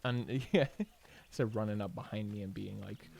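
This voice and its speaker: Gravelly and darkish in tone, this young man's lowish voice is animated and brisk as he streams from home. He chats casually between game moments in a rambling, profane way, restarting often and leaning on "like."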